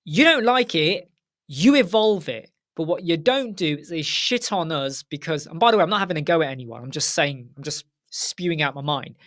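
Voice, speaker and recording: A man's voice: fairly high pitch, animated, moderate pace, fairly bright tone. A middle-aged man hosting a casual live Q&A stream from home, talking frankly and straight to his viewers. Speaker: host.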